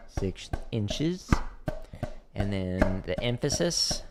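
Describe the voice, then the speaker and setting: A man hosting a drum practice livestream, explaining patterns in a loose, conversational way. His voice sits at a middle pitch, and he talks through each exercise while he demonstrates it. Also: lively intonation, takes it slowly, over loud music. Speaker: drum teacher streaming practice. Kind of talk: casual livestream instruction.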